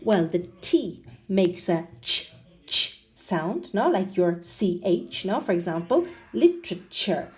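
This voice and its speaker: A woman teaches English pronunciation online, slowly spelling out and exaggerating sounds for learners. She tags many sentences with a questioning "no?" and has a lowish, warm, animated voice.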